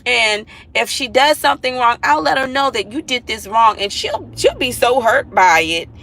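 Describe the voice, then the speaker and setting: A woman's voice: on the high side, sing-song, normal speed, a bit bright, rough recording. A mother talking to viewers in a casual vlog monologue, earnest and emphatic, repeating herself and pleading with listeners.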